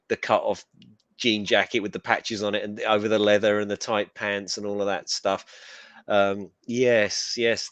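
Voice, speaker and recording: A man's voice: fairly low pitch, fairly bright tone, no echo. A middle-aged man co-hosting a live stream, chatting in a rambling, casual way. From England. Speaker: co-host.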